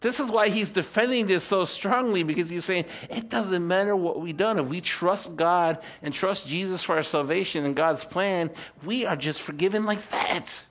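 A man in his fifties, high-pitched and speaking at a normal speed with few pauses, preaches a sermon to his church. His delivery swings from loud emphasis to quiet asides as he asks rhetorical questions and calls for amens.

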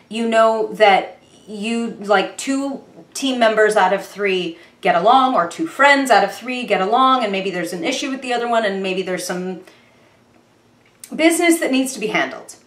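A young woman chatting casually and excitedly through a tarot reading, full of fillers and quick apologies. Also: mid-range voice, echoey room. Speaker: tarot reader.

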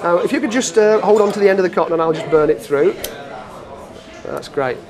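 A man's voice: sits high, brisk, a crowd in the background. A British man performing street magic, talking bystanders through a trick with wry, self-deprecating jokes. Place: outdoors on a street. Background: music.

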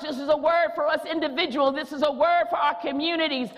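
A woman preacher delivering a rousing sermon in a church, repeating phrases and rising to shouts. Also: sits high, steady tone, brisk, in a large hall, dull audio. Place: church sanctuary.

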